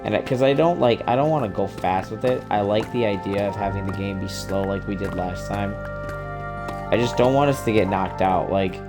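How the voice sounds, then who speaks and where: A man's voice: on the low side, fairly quick, over music. A young man in his twenties streaming a game, chatting loosely and swearing often. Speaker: gaming streamer. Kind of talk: casual gaming chat.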